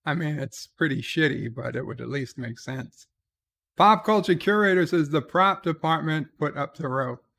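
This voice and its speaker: A man with a somewhat high, fairly bright voice and some vocal fry speaks at a moderate pace as he hosts a casual livestream. Reading chat comments aloud, he replies wryly and says "uh" a lot between lines.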